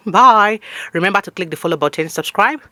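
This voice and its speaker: A woman's voice: mid-range voice, animated, brisk, pushed and bright, no room sound, clean studio sound. A woman from Africa, hosting a comedic podcast monologue in a scolding, preachy tone. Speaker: podcast host.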